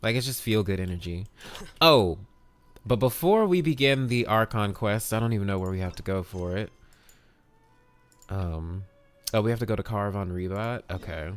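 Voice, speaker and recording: A man's voice: on the low side, moderate pace, long pauses, clear, resonant tone, soft background music. A man streaming a video game live, chatting casually and upbeat, greeting viewers by name and swearing now and then.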